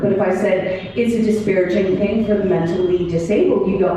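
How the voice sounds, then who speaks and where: A woman's voice: medium pitch, lively intonation, moderate pace, few pauses, mellow, a little hiss or hum. A woman performing a stand-up comedy set, telling wry stories and acting out short quotes, heard from far off in an echoey live room.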